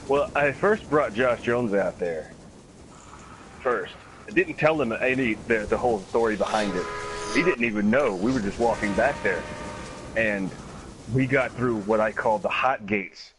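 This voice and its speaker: A man streaming a game, telling a long story in a casual, animated way, acting out other people's voices and swearing often. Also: fairly low pitch, measured pace, background noise. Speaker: gaming streamer. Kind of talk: casual storytelling while gaming.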